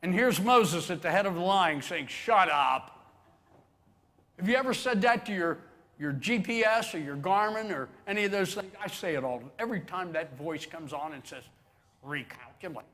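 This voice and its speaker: A man's voice: high voice, expressive, a little fast, fairly bright tone, long reverb tail. A man preaching a sermon as pastor, folksy and joking, building to swelling emphasis on key phrases. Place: church sanctuary.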